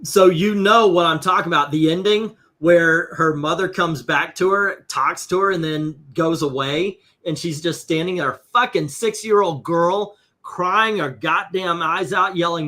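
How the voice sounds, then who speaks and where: Bright-voiced rambling, cursing comics host. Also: male voice, on the high side, measured pace, few pauses. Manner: rambling, profane, lots of fillers. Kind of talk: casual livestream chat.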